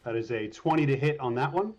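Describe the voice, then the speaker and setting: A man's voice: medium pitch, lively intonation, quick pace, lo-fi sound, soft background music. A man player describing his character's attacks in a tabletop game, easygoing and self-mocking. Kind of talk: casual game talk.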